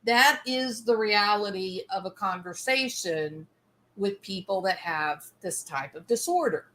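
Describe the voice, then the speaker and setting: A woman delivers commentary in a bright, forward voice. She speaks slowly and leans hard on key words. At times she acts out the lines she quotes. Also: mid-range voice.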